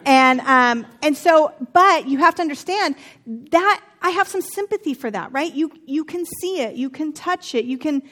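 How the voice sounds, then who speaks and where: A woman in her thirties with a high, light voice gives a conversational Bible teaching. She keeps it chatty and wry, slipping in personal asides and jokes between the verses. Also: expressive, normal speed, a bit bright.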